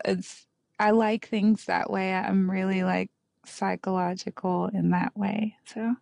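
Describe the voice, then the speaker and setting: Chatty woman guest with a gravelly edge. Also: mid-range voice, a little mellow, no echo. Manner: chatty, laughing, many restarts. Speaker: podcast guest. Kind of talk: casual chat.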